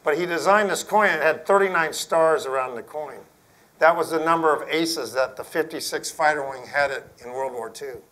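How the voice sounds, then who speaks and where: A man's voice: a little high, moderate pace, rough recording. Earnest folksy middle-aged man. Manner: folksy, earnest, drops to a hushed tone for emphasis. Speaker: Air Force general giving a talk. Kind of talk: storytelling talk to school principals.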